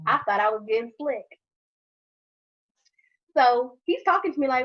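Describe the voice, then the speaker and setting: A woman and mother telling a story from her youth in a casual podcast chat, animated, laughing often and swearing freely. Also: high voice, measured pace, long pauses, dull audio.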